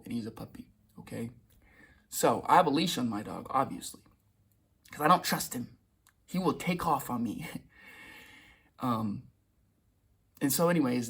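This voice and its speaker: A man's voice: mid-range voice, vocal fry, breathy edge. A young man telling a casual, rambling story in a vlog, restarting and repeating words and swearing now and then. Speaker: vlogger.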